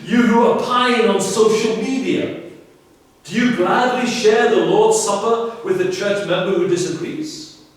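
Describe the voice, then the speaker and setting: In a very echoey church sanctuary, a pastor's high-pitched voice is heard from a distance as he preaches at a measured pace. He is earnest and emphatic, pushing his listeners with rhetorical questions.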